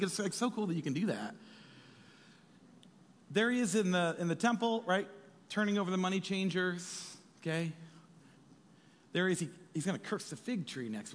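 A man preaching a sermon as a pastor, in an animated way, acting out voices from the text. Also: high-pitched, big-room sound, a little hiss or hum. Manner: animated, acts out voices of biblical figures.

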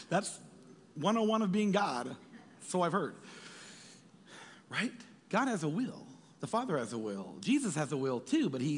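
A male pastor preaching in a lively, animated way, his voice swinging up and down. He sits a bit high for a man and acts out the voices in his text. The sound rings with a long echo, as in a big hall. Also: husky. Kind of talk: sermon.

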